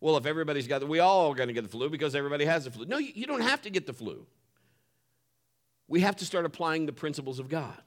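A man's voice: on the high side, animated, fast talker. A middle-aged man preaching a sermon, telling a story with laughs and acted-out voices before moving into scripture. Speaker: pastor.

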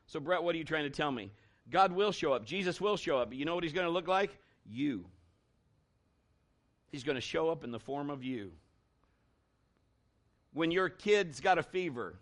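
A man's voice: on the high side, lively intonation, normal speed, pauses often. A man preaching a sermon as pastor, working up the room with rising calls to the congregation.

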